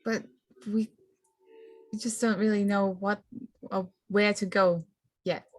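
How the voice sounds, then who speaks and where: A woman's voice: mid-range voice, fairly even intonation, slow, no echo, clean studio sound. A woman playing a tabletop game in character, giggly and hesitant. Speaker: player.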